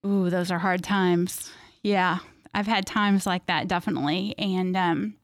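A woman's voice: fairly low pitch, steady tone, unhurried, no echo, studio quality. A woman speaking earnestly as an interview guest, thinking aloud with many fillers. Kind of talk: casual faith conversation.

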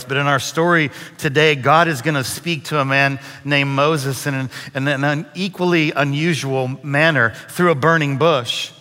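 A man preaching a sermon as a guest speaker, telling a folksy joke in a relaxed, conversational way before turning to a Bible story. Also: medium pitch. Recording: long hall reverb.

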